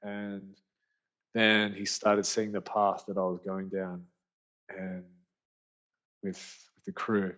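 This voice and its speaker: A man tells his own story as a podcast guest, slangy and animated, acting out what his friends said. His voice sits low. The recording is muffled and lo-fi. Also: slow, long pauses. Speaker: podcast guest, author and speaker. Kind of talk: storytelling in casual conversation. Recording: muffled lo-fi audio.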